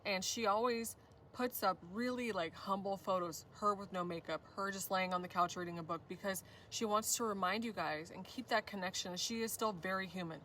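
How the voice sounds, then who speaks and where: A woman reads tarot cards for viewers in a gushing, effusive way, often turning to them directly. Her voice is bright and forward. She sits a little back from the mic over a faint ambient hum. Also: medium pitch, fairly quick, distant mic. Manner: gushing, repeats "you guys", effusive praise. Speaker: tarot reader. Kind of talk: spiritual tarot reading.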